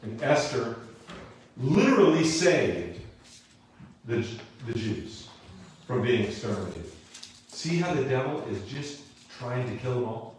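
A man teaching a Bible class in a church, retelling a story in an animated, casual way, recorded in an echoey room from a distant mic. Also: medium pitch, takes it slowly, pauses often, slight background noise. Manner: animated, casual, acts out characters. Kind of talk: lively storytelling lesson.

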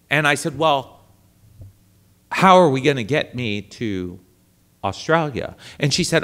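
A man's voice: mid-range voice, moderate pace, fairly bright tone. A middle-aged man, a priest, telling a comic travel story to an audience and acting out the dialogue. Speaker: priest and speaker.

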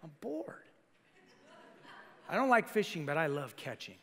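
A male senior pastor preaching a lively sermon to a congregation, acting out quoted voices and putting questions to the crowd. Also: fairly high pitch, fast talker. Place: church sanctuary. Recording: live sermon in a reverberant church hall.

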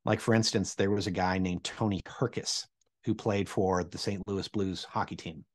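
A man's voice: low voice, fairly even intonation, normal speed. A man in his forties telling a personal anecdote, acting out the people he quotes with big jumps in his voice. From Midwestern United States. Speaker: storyteller. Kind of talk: personal anecdote told to camera.

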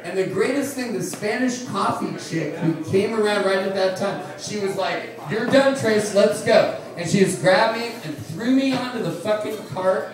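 A man's voice: sits high, normal speed, hardly any pauses. A man telling a rambling, profane story to a live bar audience, laughing as he goes. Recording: echoey room, distant mic, crowd noise.

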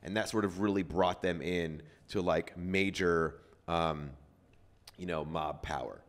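A man's voice: low voice, unhurried. A man hosting a podcast, telling a story in loose casual chat with lots of fillers and swearing. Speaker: podcast host.

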